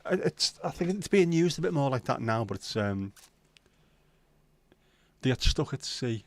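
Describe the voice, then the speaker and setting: A man's voice: medium pitch, big pitch swings, unhurried, dry recording. A man with a Liverpool accent hosting a livestream, chatting casually and bluntly with plenty of swearing while reading viewer comments. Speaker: livestream host.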